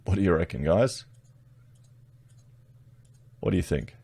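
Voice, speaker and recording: A man's voice: sits low, expressive, unhurried, gravelly, dark tone, husky. A man with an Australian accent giving blunt, casual commentary to his online viewers, often calling them guys. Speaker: political commentary YouTuber.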